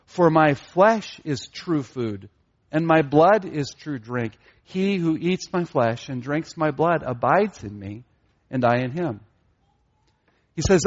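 A man preaching a sermon with emphatic delivery, repeating key phrases and rising in pitch to stress a point. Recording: dull lo-fi recording.

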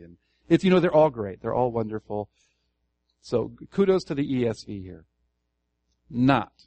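A man's voice: on the low side, a little mellow, dry recording. Earnest male Bible teacher, dry room. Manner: earnest, asks the room questions and restarts phrases. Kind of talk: Bible study teaching to a congregation. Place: church meeting room.

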